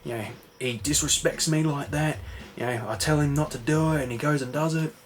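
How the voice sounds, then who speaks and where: A man's voice: on the high side, steady tone, brisk, slight background noise, voice pushed up, close to an everyday voice. A man voicing a hot-tempered mobster debt collector, quoting him loosely as he retells a TV episode. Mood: apologetic. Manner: loosely quoted in casual retelling, rising to shouty warnings.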